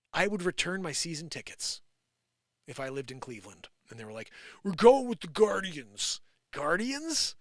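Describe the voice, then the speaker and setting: Guy ranting live on his stream, sarcastic, bright sharp tone, close dry mic. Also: mid-range voice, husky, no room sound. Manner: animated, sarcastic, loud swings between shouting and muttering. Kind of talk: improvised live opinion rant.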